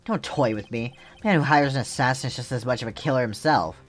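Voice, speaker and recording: A man's voice: medium pitch, fast talker, soft background music, voice pushed up, natural voice. A man voicing a troubled young male defense attorney, earnest and pleading, while reading game dialogue aloud. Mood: anguished.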